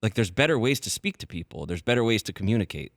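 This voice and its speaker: A man's voice: fairly low pitch, very animated, quick pace, no room sound. A man co-hosting a sports talk radio show in a studio, speaking bluntly and with strong opinions. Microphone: studio mic.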